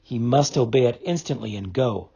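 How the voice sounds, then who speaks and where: A man narrating a classic novel as an audiobook, reading in an expressive, dramatic storytelling manner. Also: mid-range voice, moderate pace, husky.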